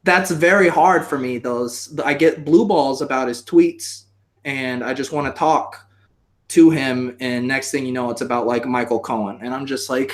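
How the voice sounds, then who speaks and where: A man's voice: medium pitch, moderate pace. A man guesting on a live stream, talking in a theatrical, mock-emotional, rambling comedic way.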